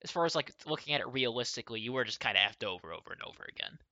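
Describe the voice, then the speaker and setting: A man's voice: mid-range voice, animated, racing, pushed and bright, no room sound, lo-fi sound. A young man hosting a casual interview, friendly and appreciative as he wraps things up with a player. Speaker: interview host for an online game.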